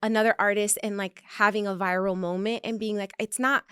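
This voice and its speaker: A woman's voice: mid-range voice, level tone, a little fast, a bit bright, clean tone, no echo, studio quality. A woman podcast host and musician asking long, rambling questions in a casual interview. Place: podcast studio.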